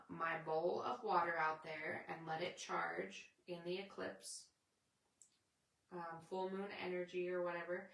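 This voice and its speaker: A woman's voice: on the low side, creaky, a bit bright, reverberant, recorded from a distance. A woman hosting a casual, rambling spiritual chat with her viewers. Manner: rambling, chatty, reads out viewer comments. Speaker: spiritual livestream host.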